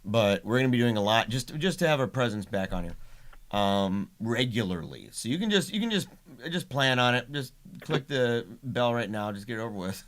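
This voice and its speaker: Chatty middle-aged man hosting a livestream, mid-pitched, laughs easily, restarts often. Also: big pitch swings, moderate pace, fairly bright tone. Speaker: livestream host and father. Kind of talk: casual livestream chat.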